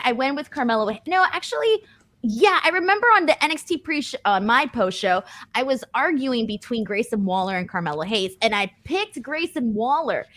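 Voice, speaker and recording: Woman host, a touch high-pitched, chatty and laughing, reads fan messages. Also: fairly bright tone. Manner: chatty, laughs easily, self-correcting. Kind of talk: casual chat, reading super chats aloud.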